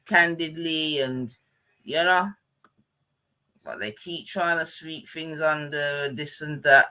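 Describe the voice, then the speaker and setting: A man hosts a live stream and reacts to a clip between pauses. His voice is bright and a little high. He talks in relaxed slang and trails off into muttered asides. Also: smooth. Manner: laid-back slangy chat with muttered asides. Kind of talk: casual live stream commentary.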